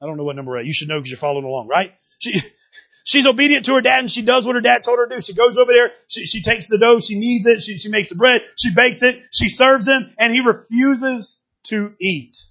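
Animated high-voiced preacher man, husky. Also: a little fast. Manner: animated preaching, swings from loud exclamations to quiet asides. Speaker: pastor. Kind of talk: sermon. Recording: dull lo-fi recording.

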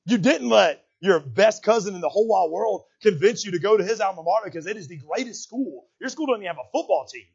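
Husky-voiced pastor preaching. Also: male voice, high-pitched, animated, quick pace, few pauses, muffled recording. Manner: earnest, repetitive restarts, rising to near-shouts. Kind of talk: sermon. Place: church sanctuary.

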